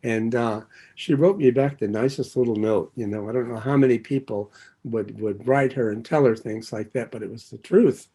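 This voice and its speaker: A man's voice: medium pitch, normal speed, mellow, slightly rough. An older man giving an earnest personal share at a recovery meeting, drifting off his thread and circling back, with light chuckles.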